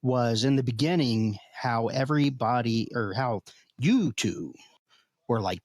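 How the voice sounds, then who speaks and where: A man in casual chat as a podcast co-host, talking haltingly with many fillers and restarts, a little curmudgeonly by his own account. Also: medium pitch, no echo, studio quality. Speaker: podcast co-host, tabletop player.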